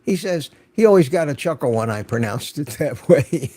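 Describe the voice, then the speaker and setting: A man's voice: fairly high pitch, lively intonation, normal speed, dark tone. An older man hosting an unscripted livestream, chatting casually and greeting viewers by name from the chat. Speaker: livestream host.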